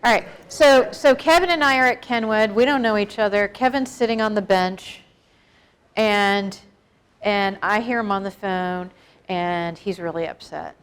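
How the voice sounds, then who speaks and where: A woman's voice: mid-range voice, a little slow, smooth. A middle-aged woman giving an informal, frank talk to a live group on suicide prevention, often asking the audience questions. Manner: conversational, asks the audience questions; frank, plain-spoken. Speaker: guest speaker on suicide prevention.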